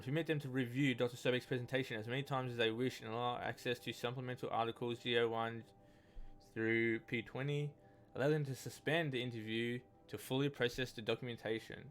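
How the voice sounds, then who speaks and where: A man giving casual gameplay commentary, reading in-game texts aloud in a rambling, hesitant way with many restarts. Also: medium pitch. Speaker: let's play gamer.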